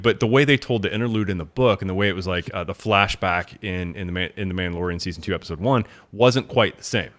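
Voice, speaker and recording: A man with a very low, deep voice talks casually as a podcast co-host. He gets animated and trips over his words, repeating himself as he works through his thoughts. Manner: animated, self-correcting, stammers on repeats. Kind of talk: casual chat.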